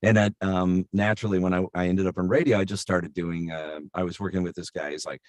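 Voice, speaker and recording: A man's voice: deep voice, level tone, fairly quick, hardly any pauses, a little mellow, no room sound, studio quality. A middle-aged man, a voice actor, telling stories in a casual interview, rambling with many fillers and restarts. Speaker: voice actor guest.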